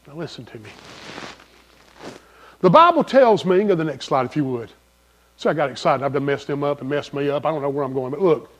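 A male pastor preaching a sermon in an emphatic, folksy manner, repeating key phrases and swinging from loud to soft. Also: on the high side, lively intonation, fairly quick, long pauses.

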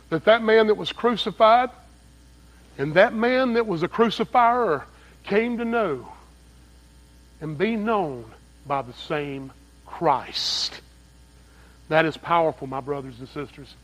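A male pastor delivers a church sermon in a notably high voice for a man. He presses his points with loud, rising emphasis, then pulls back into quiet, low asides to the congregation. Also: poor audio. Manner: preaching with swings between loud emphatic peaks and hushed low asides. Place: church sanctuary.

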